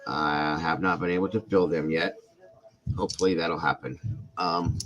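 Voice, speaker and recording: A man with a very deep voice hosts a relaxed livestream and warmly greets viewers by name. He sounds congested and a little worn down from being sick, talking at an easy, chatty pace into a home streaming mic. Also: normal speed, poor audio. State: congested and coughing from illness. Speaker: true crime YouTube livestream host.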